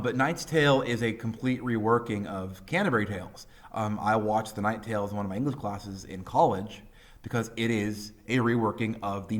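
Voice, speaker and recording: A man in his thirties gives a loose, chatty English lesson. His voice sits fairly low, and he drops into quick voices when quoting people. His talk is full of ums and likes. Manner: casual and animated, with many fillers and voiced quotes. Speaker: high school English teacher. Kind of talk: classroom lecture.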